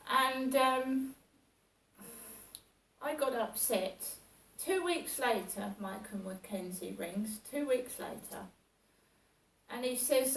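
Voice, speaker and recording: Woman, halting and rambling, slow, roomy distant sound. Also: medium pitch, creaky, fairly bright tone. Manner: rambling and halting, with many fillers and restarts. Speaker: vlogger. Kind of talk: casual personal storytelling.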